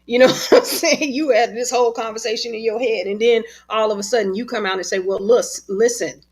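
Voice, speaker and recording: Over a video call, a woman who is an author and spiritual teacher tells stories in casual conversation, animated and expressive, laughing often. Her voice is fairly high and slightly rough, and she speaks fast.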